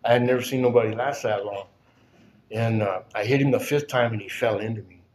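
A man in his sixties telling a personal story in a halting way, full of "and, uh", often sinking almost to a whisper. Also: mid-range voice, fairly even intonation, slight background noise. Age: 60s. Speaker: storyteller recounting his past. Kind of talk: personal testimony.

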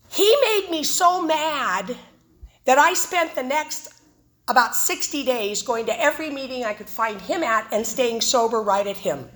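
A woman's voice: high-pitched, expressive, a little slow, fairly bright tone. A woman speaking at a recovery meeting, telling her personal story with humor and animation. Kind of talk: personal testimony talk.

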